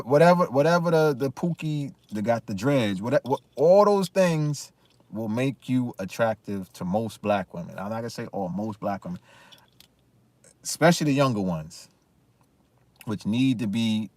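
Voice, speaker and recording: A commentary vlogger with a voice on the low side speaks with no echo. His casual rant is emphatic, and he keeps repeating himself and starting over.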